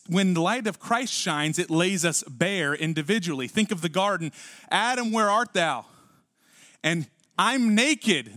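A man preaching a sermon as pastor, swinging from punchy lines to hushed asides and acting out voices. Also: high-pitched, no echo, studio quality. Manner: animated preaching with sudden drops to quiet and acted-out voices.

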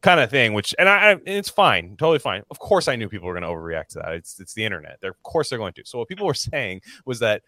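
A man's voice: on the low side, sing-song, quick pace, hardly any pauses, sharp tone, no room sound, studio quality. Rambling man hosting a chat show. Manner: rambling, many restarts and "like" fillers. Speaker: podcast host. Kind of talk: casual chat.

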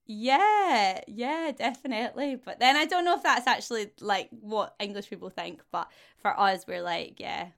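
A woman's voice: a little high, lively intonation, normal speed, vocal fry, hardly any pauses, fairly bright tone. A woman in her thirties with a Glaswegian Scottish accent, chatting casually as a podcast guest, laughing often and full of fillers. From Glasgow, Scotland. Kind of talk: casual chat.

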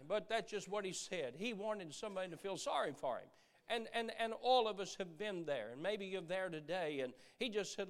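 A middle-aged man preaching a sermon, earnest, repeating words as he goes and dropping from loud emphasis to a hush. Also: high voice, lively intonation, normal speed, clear, resonant tone.

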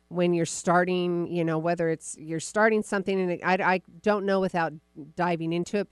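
A woman podcast host coaching a caller live, encouraging and animated, acting out the caller's inner voice. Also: fairly low pitch, smooth, no echo.

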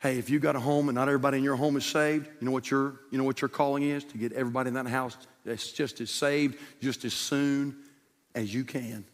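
A male pastor preaching a sermon in a church, telling a story that swings from loud, shouted peaks to hushed, quiet lines. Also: medium pitch, steady tone, fast talker. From United States. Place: church sanctuary. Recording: long church reverb.

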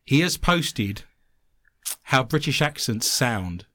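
A man's voice: medium pitch, big pitch swings, slow, pushed and bright. A man hosting a comedic podcast, trading jokes with co-hosts and reading listener mail with dry teasing humor. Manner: dry teasing humor, reads letters aloud. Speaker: podcast host.

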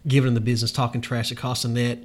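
A man's voice: medium pitch, completely flat delivery, rapid-fire. A man co-hosting a podcast, telling sports stories in casual chat with hesitant restarts. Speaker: podcast co-host.

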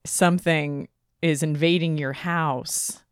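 Chatty woman podcaster, smooth and dry. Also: low-pitched, fairly even intonation, takes it slowly, no room sound. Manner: chatty, laughing, many restarts. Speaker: podcast co-host. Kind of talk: casual chat.

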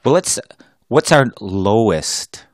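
A man with a fairly low voice swings his pitch up and down in lively, animated banter as a podcast co-host. He teases his partner, cracks jokes and laughs easily. The sound is close and dry. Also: takes it slowly, no room sound. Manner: laughs often, teasing and wisecracking. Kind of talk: casual banter.

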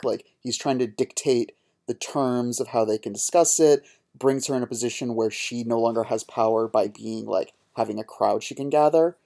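A man's voice: mid-range voice, moderate pace, dark tone. A man co-hosting a podcast, ranting in a heated, profane, casual way. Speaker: podcast co-host.

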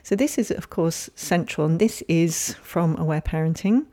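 A woman hosting a solo podcast, speaking in a gentle, caring and reflective way. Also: low voice, normal speed. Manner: gentle, soft-spoken, caring. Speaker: podcast host.

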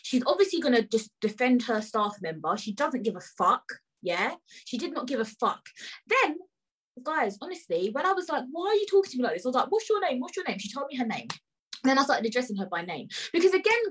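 Husky, lively woman ranting. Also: high-pitched, poor audio. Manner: indignant, emphatic, swears freely, addresses listeners directly. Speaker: podcast host. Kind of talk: casual storytelling rant.

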